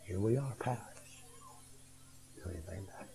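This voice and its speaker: A middle-aged man preaching a revival sermon, swinging from hushed tones to shouting. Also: low voice, expressive, fairly quick, creaky, a crowd in the background, poor audio.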